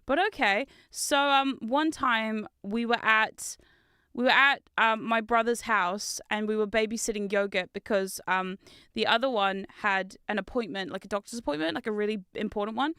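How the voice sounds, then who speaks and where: A woman's voice: on the high side, normal speed, bright, forceful tone, smooth, dry recording, studio quality. A young woman chatting casually as she streams, telling rambling stories with fillers and laughs. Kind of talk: casual chat while building.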